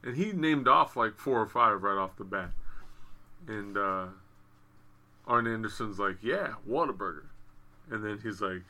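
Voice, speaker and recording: A man co-hosting a podcast, telling stories in loose, profane casual chat with animated quoted asides. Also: on the low side, a little slow, long pauses. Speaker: podcast co-host. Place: home studio with wrestling on TV behind. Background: faint TV ambience.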